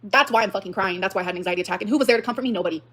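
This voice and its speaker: A young woman livestreaming, reacting with fast, heated, profane outbursts that swing up to shouting. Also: medium pitch. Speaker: livestreamer reading and reacting to a post. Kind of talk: emotional livestream rant.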